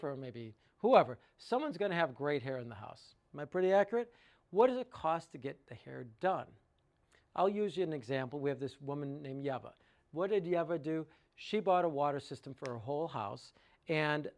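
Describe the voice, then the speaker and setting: A man's voice: fairly high pitch, darkish tone. A man giving an informal sales talk about water treatment, working through sums aloud with enthusiasm and rhetorical questions.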